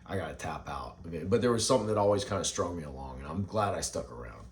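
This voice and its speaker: A man's voice: low-pitched, sing-song, a little hiss or hum. Rambling, frustrated man in his forties. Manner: rambling, frustrated, halting restarts. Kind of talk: casual vlog rant.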